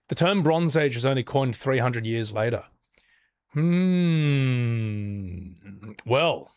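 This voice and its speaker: Animated rambling male streamer. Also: a little high, unhurried, no echo, studio quality. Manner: rambling, animated, swears, laughs often. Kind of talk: casual live-stream chat.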